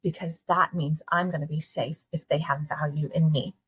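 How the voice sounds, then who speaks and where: A middle-aged woman, hosting a candid solo talk and speaking to listeners in an earnest, folksy, animated way. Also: low-pitched, moderate pace, slightly rough. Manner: earnest, folksy, animated, with laughs and direct questions to the audience. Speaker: podcast host.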